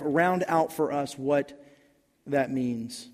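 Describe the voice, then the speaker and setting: A man's voice: a little high, steady tone, moderate pace, in a large hall. A man preaching a sermon in a conversational style, telling a personal story and then building to emphatic points. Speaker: pastor.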